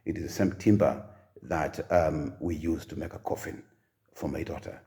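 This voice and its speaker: An older man with a Kenyan accent telling his own life story in a halting, soft-spoken way, with many pauses and fillers. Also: very deep voice, creaky.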